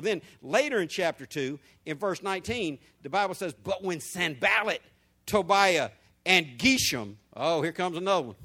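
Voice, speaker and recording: Male pastor, high voice, sermon delivery that swings from murmurs to shouted peaks. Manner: preaching with shouted peaks and rhetorical questions.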